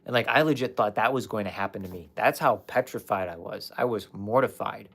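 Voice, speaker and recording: A man's voice: on the low side, a little fast, gravelly, a bit bright, breathy edge. Candid man telling his story on a livestream. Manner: candid, emotional, swears, talks to chat. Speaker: life coach livestreamer.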